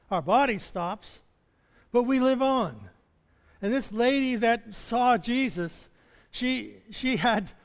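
A male chaplain preaching a sermon in a loose, conversational way, chuckling often and stumbling into restarts. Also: high-pitched. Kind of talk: sermon with personal stories. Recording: long hall reverb.

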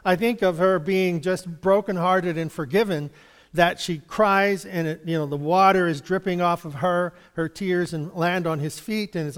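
A man's voice: high-pitched, steady tone, normal speed, clean tone, in a large hall. A man giving an informal Bible study, chatty and rambling, chuckling often and acting out little exchanges. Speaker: Bible teacher.

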